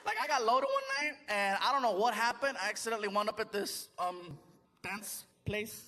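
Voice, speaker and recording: High-voiced male comic on stage. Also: moderate pace, distant mic, a little hiss or hum. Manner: animated, storytelling, does voices. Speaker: stand-up comedian. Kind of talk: stand-up comedy routine. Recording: live show with loud laughing crowd.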